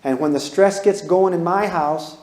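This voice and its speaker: A man's voice: high voice, normal speed, darkish tone, roomy sound. A man in his eighties teaching a parenting class, telling plain-spoken stories about his own childhood and putting questions to his audience. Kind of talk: folksy storytelling lecture.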